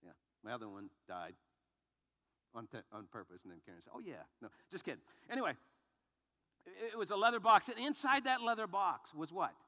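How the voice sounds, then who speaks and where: A man preaching a sermon as pastor, telling the story in an animated way with frequent restarts. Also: sits high, fairly quick, in a large hall.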